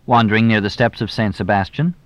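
Guy voicing a slick quick young dude, breezy dodging answers, slightly dull audio. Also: fairly low pitch, no room sound, close to an everyday voice. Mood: glib. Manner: brisk, glib, deflecting.

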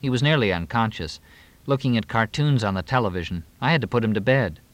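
A man's voice: medium pitch, lively intonation, fast talker, no room sound, lightly acted. A man reading an audiobook, voicing a weary, unhappy young actress in a raised, lighter tone.

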